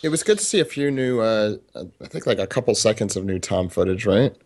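A man's voice: on the low side, expressive, brisk, a little mellow. A man in a casual podcast chat, easygoing and a little hesitant.

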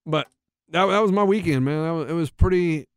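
A man's voice: fairly high pitch, a little fast, clean tone, no echo. A man co-hosting a radio show, telling a casual story in a laid-back way and quoting the people he met. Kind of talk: casual banter.

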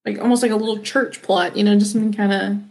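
Woman, podcast co-host, gravelly voice, mid pitch, blunt and dry. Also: steady tone, fast, a little mellow, low-quality recording. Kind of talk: casual chat.

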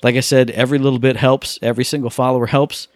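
A man's voice: mid-range voice, level tone, quick pace, dry recording, clean studio sound. A man hosting a podcast, easygoing and a little rambling as he chats and asks listeners for their support. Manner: easygoing, rambling, friendly pleading. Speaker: podcast host. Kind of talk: casual chat and show plugs.

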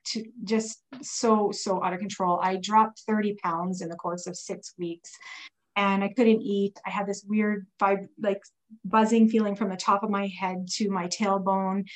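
Woman guest, personal testimony, chatty and animated, stumbles and restarts, mid-pitched voice. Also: low-quality recording. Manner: animated retelling with frequent restarts and "like". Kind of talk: casual personal storytelling.

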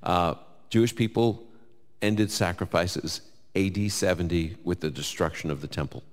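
Deep-voiced New York man in a hall. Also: moderate pace. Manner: conversational, lively, quotes scripture, jokes. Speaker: Bible teacher answering audience questions. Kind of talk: live Q&A before an audience. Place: large hall with live audience.

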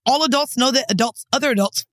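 A woman's voice: on the high side, quick pace, a bit bright, no echo. A woman co-hosting a podcast, talking in blunt, slangy, swearing casual chat. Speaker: podcast co-host.

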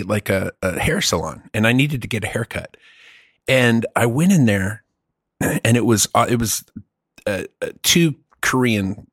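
Man, casual storyteller, lively pitch, dry close sound, cussing freely. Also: husky, dry recording. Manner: animated storytelling, swearing, frequent "dude". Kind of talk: casual chat.

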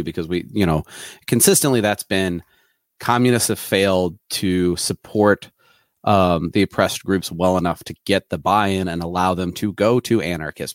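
A man's voice: sits low, no room sound, clean studio sound. A man co-hosting a podcast, making earnest points in long run-on sentences. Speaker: podcast co-host. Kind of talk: casual political podcast chat.

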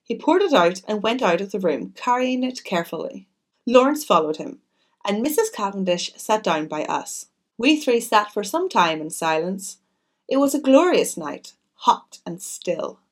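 A woman narrates an audiobook with a lively voice that swings widely in pitch. She reads the prose expressively and breaks off now and then for casual remarks. Her pitch sits in a middle range. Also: moderate pace. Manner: expressive, chatty. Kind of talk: reading a classic novel aloud with chatty asides.

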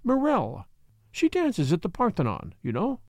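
A man voicing a headstrong young heiress, high and upset. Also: wildly swooping pitch, unhurried, gravelly, darkish tone, no echo, exaggerated voice. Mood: indignant.

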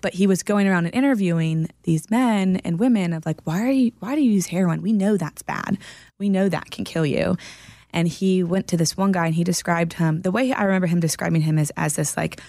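A woman's voice: fairly low pitch, brisk, dark tone, dry recording, clean studio sound. A woman co-hosting a casual talk show, telling a story in an earnest, emphatic way. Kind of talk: casual podcast chat.

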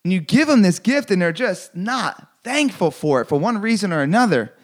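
A man with a high voice delivers a motivational talk. He hammers his points through repetition and occasional swearing, pressing hard on the listener. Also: animated, normal speed. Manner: intense, repetitive, preachy, swears for emphasis. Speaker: motivational speaker. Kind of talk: motivational speech.

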